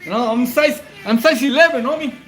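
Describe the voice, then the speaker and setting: Man, very high voice, slangy and profane, rambling livestream chat, faint music behind. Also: brisk, a bit bright. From Whittier, Southern California. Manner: slangy, profane, rambling, calls viewers bro and homie. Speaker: livestream host. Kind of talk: late-night casual livestream chat.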